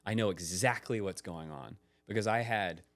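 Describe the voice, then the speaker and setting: A man with a fairly low voice tells a story in a relaxed podcast chat. He gets animated, acting out what people said to him, and his voice jumps up when he does. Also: normal speed, faint music behind. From United States. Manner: animated, acts out quotes with rising pitch. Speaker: podcast guest. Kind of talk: casual storytelling.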